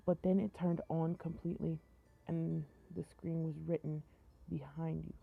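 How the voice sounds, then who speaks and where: A young woman streamer reading a horror story aloud in a flat, even tone, stumbling over words and chatting between passages. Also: deep voice, normal speed, gravelly. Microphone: phone mic. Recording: tinny phone-like live-stream audio.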